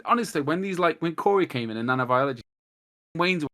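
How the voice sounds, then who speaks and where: Excitable English man on a podcast. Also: fairly high pitch, very fast. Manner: excitable, rambling storyteller who swears and laughs. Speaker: podcast guest. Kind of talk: casual chat. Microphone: cheap desktop mic on a video call.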